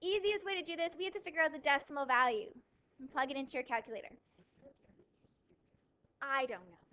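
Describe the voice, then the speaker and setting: Woman, math teacher, classroom lecture, quizzes herself, dry sarcasm, bright high voice. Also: brisk, dull audio. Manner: lively, asks questions and answers them herself, dry sarcasm.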